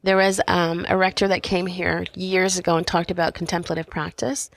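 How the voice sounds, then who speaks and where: A middle-aged woman from Canada speaks as a podcast guest, recounting her life and faith. Her voice sits on the low side, recorded close and dry with no room sound. She tells her story with animation and slips into other people's voices when she quotes them. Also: level tone, normal speed, creaky, no room sound. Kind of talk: personal faith story in conversation.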